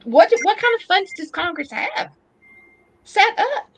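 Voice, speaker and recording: A woman's voice: very high voice, sing-song, normal speed. A woman in her fifties hosting a podcast, talking politics in a heated, emphatic rant. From United States. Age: 50s. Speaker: podcast host. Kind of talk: political opinion talk.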